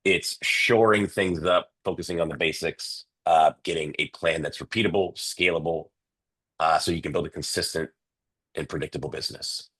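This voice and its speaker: A man's voice: deep voice, fairly even intonation, moderate pace, fairly bright tone, breathy edge. A man with a nasal voice, hosting an online coaching session for real estate agents over a video call, chatty and loose with lots of fillers.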